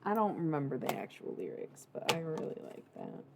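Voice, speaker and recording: A woman's voice: sits low, very animated, fairly quick, vocal fry, heavy background noise. A woman livestreaming a casual intuitive reading, rambling from thought to thought with slang, swearing and mystical asides.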